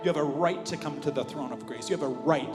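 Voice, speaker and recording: Animated man preaching in a reverberant church. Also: fairly high pitch, quick pace. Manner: animated preaching, swings from hushed to loud. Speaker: pastor. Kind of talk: sermon. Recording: live church audio with long reverb and music underneath. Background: worship music.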